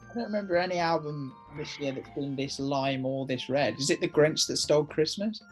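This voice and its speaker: A man's voice: on the high side, a little fast, soft background music. A man co-hosting a casual drawing game, teasing and swearing in mock indignation. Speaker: co-host.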